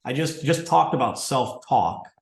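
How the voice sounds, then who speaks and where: A man's voice: mid-range voice, lively intonation, a little slow, vocal fry. Rambling man in his sixties, roomy sound. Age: 60s. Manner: rambling, restarts often, acts out dialogue. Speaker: martial arts school owner, guest. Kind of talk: casual interview storytelling. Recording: roomy echo.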